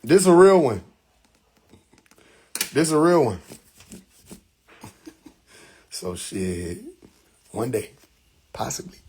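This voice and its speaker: A man's voice: mid-range voice, very animated, extremely slow, pauses often, darkish tone, husky. A man hosting a live social media stream from his phone, telling a story in loose slang with frequent laughter. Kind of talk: casual live stream monologue.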